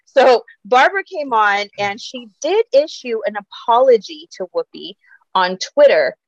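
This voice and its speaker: A woman's voice: on the high side, unhurried, no echo, dull audio. A woman co-hosting a podcast, chatting casually about celebrity gossip with lots of swearing and laughter. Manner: profane, animated, laughs a lot. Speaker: podcast co-host.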